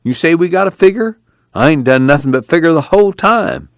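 A man's voice: animated, a little fast, dry recording, studio quality. A man voicing a restless, worn-down young man in an audiobook reading, plain-spoken and tired. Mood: weary. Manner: plain-spoken, weary, lifted above the narrator's pitch.

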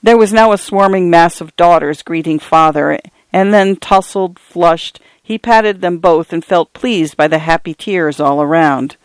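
A man's voice: on the high side, measured pace, few pauses, clear, resonant tone, dry recording. Man reading a literary story aloud. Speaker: narrator. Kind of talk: audiobook narration.

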